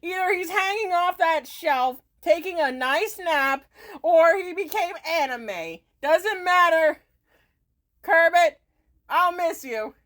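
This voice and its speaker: A woman hosting a reaction video, talking in an animated way with a lot of laughing and exclaiming. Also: very high-pitched, slow. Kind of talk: excited reaction commentary.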